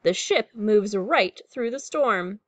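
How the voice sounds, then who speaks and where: Expressive woman teacher reading aloud. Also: medium pitch, slow pace, dry recording. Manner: warm, clear classroom explaining. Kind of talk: reading a picture book aloud and explaining to pupils.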